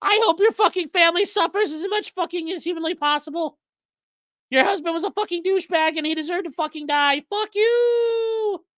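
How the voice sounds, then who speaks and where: A man voicing a ranting male harassing caller in a screeching falsetto, full of profane hate. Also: normal speed, a bit bright, no room sound. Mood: shrill ranting.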